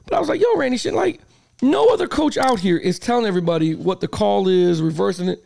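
A man's voice: high-pitched, fast talker, no room sound. A man hosting a casual sports podcast, telling stories with lots of swearing and acting out the arguments. He is a youth football coach. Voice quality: gravelly. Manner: animated storyteller, swears a lot, acts out arguments. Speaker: podcast host.

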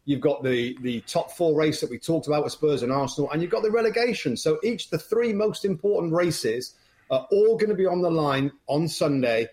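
A man's voice: fairly high pitch, normal speed, darkish tone. Upbeat English man talking football. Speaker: guest football broadcaster. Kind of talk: casual interview chat.

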